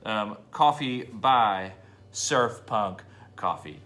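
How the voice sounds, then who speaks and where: A man's voice: lowish voice, moderate pace, fairly bright tone. A man casually reviewing a beer in his home basement bar, talking in a laid-back, enthusiastic way and swearing now and then.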